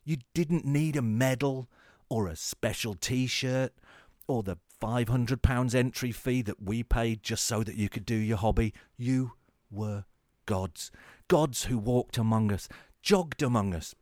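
A man hosting a spoof hospital radio show, delivering a sarcastic comic monologue with deadpan mock-grand phrasing. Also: medium pitch, a little slow, no echo, clean studio sound. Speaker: host of a comedy radio show.

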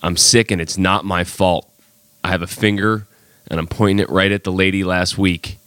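A man's voice: sits low, fairly even intonation, moderate pace, a bit bright, dry recording. A man hosting a casual podcast, sick with a cold, telling his story in a chatty, exasperated way. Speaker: podcast host.

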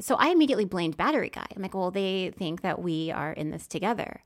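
A woman in casual conversation telling a personal story. She acts out her own thoughts, going from hushed whispers to sudden loud exclamations. Her voice sits at a medium pitch. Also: fast. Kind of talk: casual chat.

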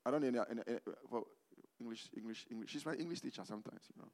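Preaching at a rapid-fire pace, a pastor from Ghana leads call-and-response, prompting the congregation with "what?" to complete his lines. His delivery moves from loud, emphatic proclaiming to quiet, conversational asides.

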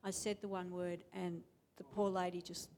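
A woman in a church group calmly recounting a personal testimony. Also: on the low side, normal speed, slight background noise. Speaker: congregation member.

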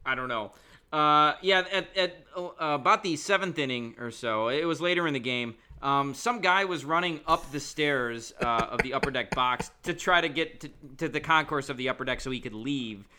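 A young man co-hosting a casual podcast chat, speaking haltingly and repeating words as he starts. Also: on the high side, pushed and bright, clean tone. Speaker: podcast co-host.

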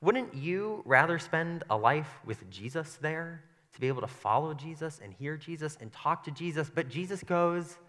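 A young man preaching in a church, his voice bright and forward, carrying a long reverb through the hall. He talks in a loose, conversational way, playful and self-deprecating. He keeps slipping into little voices to act out scenes. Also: fairly high pitch, lively intonation, normal speed, hardly any pauses. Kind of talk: casual conversational sermon. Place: church sanctuary.

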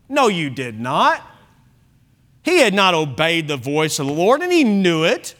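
A male pastor preaching an evening sermon, emphatic, with frequent restarts and softer asides. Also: high-pitched, very animated, unhurried. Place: church service.

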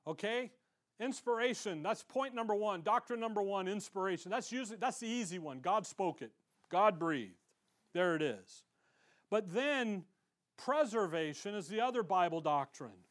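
High-voiced guy preaching, chatty sermon, does little voices for people he quotes. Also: expressive, normal speed, a bit bright. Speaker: pastor.

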